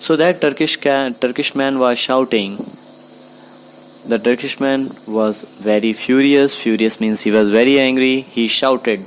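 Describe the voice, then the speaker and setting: A man teaches a story chapter to his students. His voice sits in a middle pitch, and his delivery is plain and repetitive, with many restarts. Faint background noise and crickets sit behind him. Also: unhurried, low-quality recording.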